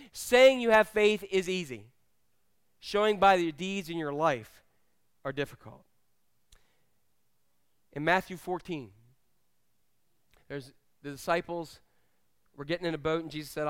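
A man's voice: a little high, moderate pace, long pauses, clean tone. A male pastor preaching a sermon at a church service, telling stories animatedly and acting out the voices of the people he quotes.

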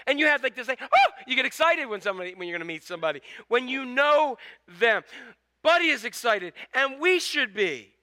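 A male pastor delivering a conversational, animated sermon in a church. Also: extremely high pitch, a little fast. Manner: conversational, animated preaching with quoted exclamations. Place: church sanctuary.

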